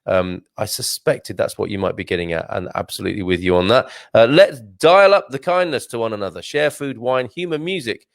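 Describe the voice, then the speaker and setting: A man's voice: mid-range voice, no echo, studio quality. A man hosting a casual live stream, chatting in a rambling way, laughing often and restarting his sentences. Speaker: host reading viewer comments.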